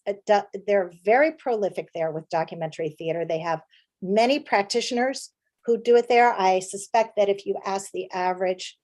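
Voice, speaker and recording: An American woman talks through a presentation about her theater work. She speaks in a relaxed, conversational way, full of ums, uhs and restarts. She sounds like she is on a video call. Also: medium pitch. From United States. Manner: chatty with frequent fillers and restarts. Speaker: playwright and director giving a talk.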